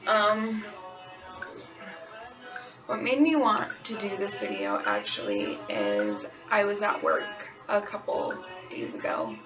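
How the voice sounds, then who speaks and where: Gravelly young woman on a lo-fi vlog. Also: mid-range voice, distant mic. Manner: candid, frank, storytelling. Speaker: waitress sharing her experience. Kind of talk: personal vlog confession. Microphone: phone camera. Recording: dull lo-fi phone recording, voice a bit off-mic, pop song playing behind. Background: pop song playing on repeat.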